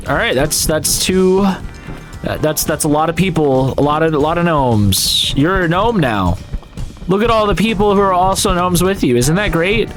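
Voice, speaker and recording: A man hosting a gaming video, chatting casually and jokingly as he plays, sometimes yelping loudly. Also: a little high, animated, moderate pace, soft background music. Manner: upbeat and jokey, bursts into loud yelps. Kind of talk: casual gameplay commentary.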